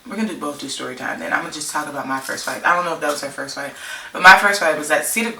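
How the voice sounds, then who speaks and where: A woman's voice: sits low, racing, vocal fry, bright, forceful tone, recorded from a distance. A young woman from California telling a rambling, slangy story as a vlogger, laughing often. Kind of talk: casual storytime chat. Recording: roomy, off-mic, faint noise.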